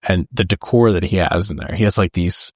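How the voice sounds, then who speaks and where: A man's voice: low-pitched, a little fast, darkish tone, no room sound, clean studio sound. A man co-hosting a podcast, retelling movie scenes in casual chat and acting out the lines with laughs. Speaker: podcast co-host. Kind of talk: casual film discussion.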